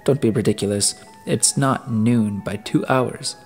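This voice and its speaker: A stubborn male detective from Earth, tense and clipped, as a man reads his lines. His words come out sharp and strained, in a fairly low voice. Faint music plays under this storybook reading. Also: unhurried, big-room sound.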